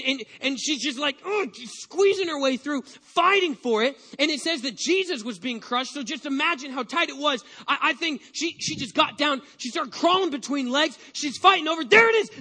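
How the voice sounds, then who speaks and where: A man preaching a sermon as pastor, telling a personal story with lively energy and frequent restarts. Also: extremely high pitch, breathy edge.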